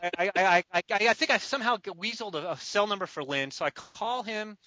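A man co-hosting a podcast, telling a story in a casual, animated way with laughs. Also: sits high, fast talker, no room sound. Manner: animated, laughing, acts out quotes. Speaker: podcast co-host, draft writer. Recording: dull lo-fi dry podcast audio.

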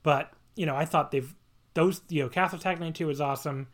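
A man's voice: on the high side, fairly quick, fairly bright tone. A man hosting a podcast in casual chat, rambling and enthusiastic, laughing and swearing as he talks. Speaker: podcast host.

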